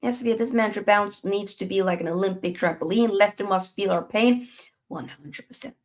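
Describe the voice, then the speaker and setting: A woman's voice: medium pitch, fast. Chatty woman hosting a football stream. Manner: animated, chatty, with playful put-on voices. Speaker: football channel host reading live chat. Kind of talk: casual live-stream chat.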